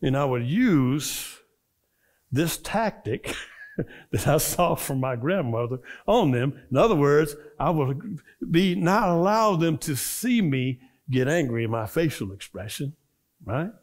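A middle-aged man preaches a sermon, weaving personal stories into his message. His voice sits a little high and swings widely in pitch as he acts out the people he describes. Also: lively intonation, takes it slowly. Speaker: minister. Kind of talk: storytelling sermon.

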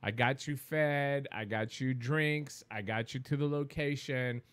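A man's voice: medium pitch, measured pace, clear, resonant tone. Greek-accented man telling a story. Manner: animated, laughs often. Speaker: co-host. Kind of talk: casual storytelling chat. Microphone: desk mic set a little far back.

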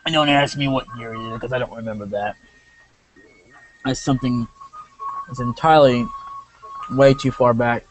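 Over muffled, lo-fi audio with a faint hiss, a let's play commentator rambles through his game, restarting often and leaning on fillers and asides. He speaks at a moderate pace with a medium, steady pitch and frequent pauses.

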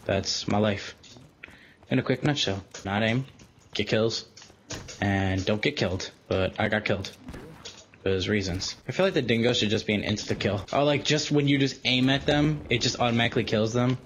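A young man hosting a gaming video, chatting casually and playfully, breaking into sing-song chants and excited bursts. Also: lowish voice, normal speed, slight background noise. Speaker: gaming channel host. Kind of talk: casual gameplay chat.

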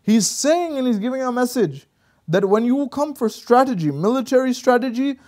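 A man's voice: very high voice, normal speed. A man on a religious talk show, telling stories in an emphatic, preaching way. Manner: storytelling preacher, animated and emphatic. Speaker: guest speaker.

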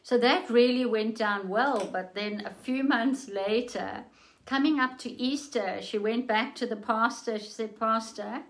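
A middle-aged woman preaching on a livestream, telling a story slowly and earnestly, then urging listeners with rising fervor. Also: a little high, poor audio. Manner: slow, earnest storytelling, rising fervent in exhortation. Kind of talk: storytelling sermon.

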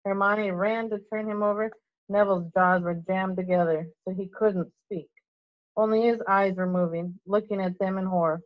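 A woman teacher reading a novel aloud to children in a steady, expressive storytelling voice, on a dull lo-fi recording. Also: mid-range voice, moderate pace, no echo.

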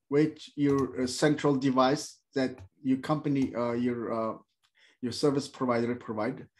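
A male instructor explaining networking in a halting, plain way, with many fillers and everyday comparisons. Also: medium pitch. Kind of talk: screen-share tech lesson.

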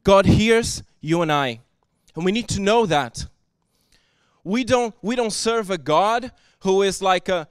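High-voiced preacher, dry sound. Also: male voice, expressive, a little slow, clear, resonant tone, no room sound. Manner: earnest, swings from soft to loud and emphatic. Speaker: pastor. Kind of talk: sermon. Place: church service.

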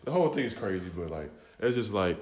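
A man's voice: sits low, very animated, fast talker, a little mellow. An American man hosting, chiming in and laughing along in easygoing casual chat. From United States. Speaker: host.

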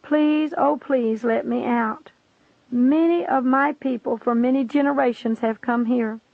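A woman's voice: fairly high pitch, a little slow, gravelly, dry recording. A woman voicing a tormented ancient woman who pleads desperately to be let out. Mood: pleading. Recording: tinny phone-like line.

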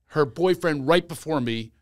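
A man's voice: on the high side, normal speed, dry recording, studio quality. A man hosting a comedy podcast, chatting casually, telling playful stories and breaking into bits of song. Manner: sings snatches of songs, playful storyteller. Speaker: podcast host.

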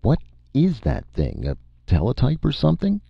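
A man voicing a gruff, contemptuous middle-aged major who speaks brusquely and demands answers. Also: medium pitch, wildly swooping pitch, moderate pace, dry recording, muffled recording, voice pushed up, full character voice.

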